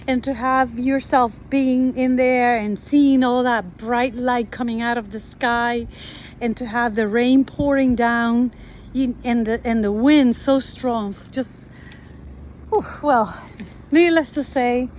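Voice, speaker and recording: A woman's voice: high-pitched, a little hiss or hum, rough recording. A woman speaking casually to camera at her wooded building site, with many fillers and restarts. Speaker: tiny house builder. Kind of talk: casual vlog talk to camera.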